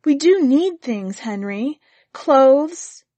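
A woman voicing a tense young wife in a read-aloud story, pitching her voice higher and speaking with earnest strain. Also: expressive, very slow, mellow, no echo, full character voice. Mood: pleading. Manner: earnest, strained, rising to anger.

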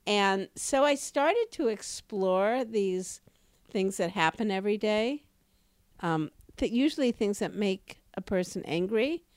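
A woman co-hosting a podcast, telling stories in a lively, emphatic way with sudden rises in her voice. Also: unhurried, no echo, clean studio sound. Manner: animated storyteller, emphatic rises in pitch. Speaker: podcast co-host. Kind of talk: casual podcast conversation.

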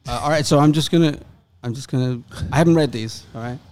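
A man's voice: mid-range voice, fast talker, darkish tone, no echo. A man hosting a casual podcast, teasing the others and laughing easily. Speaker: podcast host. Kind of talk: casual chat.

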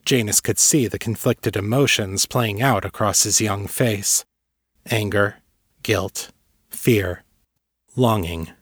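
Man, low voice, dry close recording, steady measured audiobook narration. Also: breathy edge, dry recording. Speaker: narrator and author.

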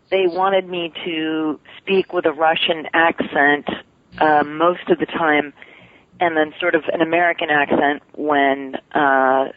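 A woman's voice: low voice, no echo. Laughing woman on a tinny phone line. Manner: chatty, laughs often, self-deprecating humor. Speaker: voice actress guest. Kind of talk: casual podcast interview chat.

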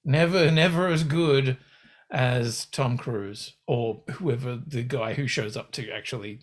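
A woman's voice: extremely low pitch, unhurried. A woman co-hosting a podcast in casual, sweary, joking chat. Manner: sweary, joking, laughs often. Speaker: podcast co-host.

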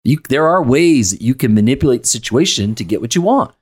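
A man with a mid-range voice chats on a podcast in a relaxed way. He thinks out loud, fills pauses with "um", and drifts from one story to the lesson behind it. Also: mid-range voice, breathy edge. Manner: relaxed, reflective, lots of "um" and "so". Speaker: podcast co-host, sales coach. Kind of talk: casual podcast chat.

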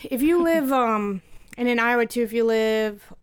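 A woman chatting casually on a podcast, her voice smooth and clear. She explains at length, hesitating with fillers along the way. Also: a little high, normal speed. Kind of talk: casual group chat.

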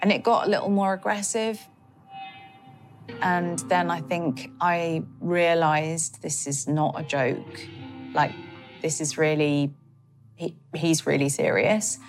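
A woman recounting a personal ordeal in an interview, her voice a little low. She speaks haltingly, with many fillers and emotional strain. Soft music plays quietly beneath her.

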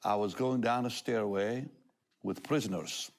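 An older man with a somewhat low voice shares a personal testimony as a guest on a talk show. He tells it with animation, laughing often and acting out the words of others. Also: a little slow, creaky.

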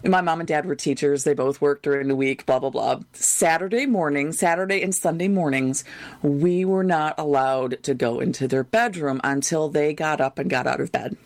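A woman's voice: sits low, moderate pace, a little mellow, dry recording. Female podcast co-host, middle-aged, giggly and chatty, dry close mic. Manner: laughs often, chatty and questioning. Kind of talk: casual chat.

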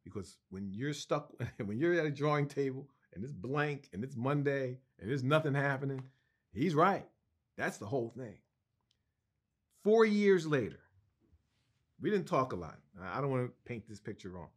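A man's voice: medium pitch, moderate pace. Enthusiastic man telling a story. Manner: animated, enthusiastic storytelling with restarts and laughs. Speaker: interview guest, co-writer. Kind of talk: storytelling anecdote in an interview.

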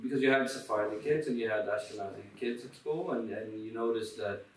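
A man from Israel with a Yemenite Israeli accent, talking as an interview guest in a halting way, with many restarts. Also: mid-range voice, reverberant, far from the mic, a crowd in the background, poor audio. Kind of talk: casual interview.

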